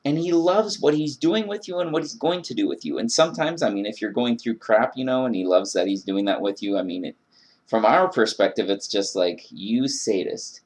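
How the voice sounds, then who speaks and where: Animated and brisk, a medium-pitched male video blogger rants about religion. His earnest, emphatic monologue covers faith and frustration, with his own prayers acted out.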